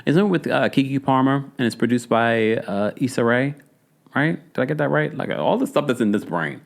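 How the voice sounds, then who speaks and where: A man's voice: medium pitch, lively intonation, moderate pace, vocal fry. A man with a Jamaican accent in casual, playful commentary, chatting to viewers with laughs and asides. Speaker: celebrity news commentator. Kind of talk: casual chat.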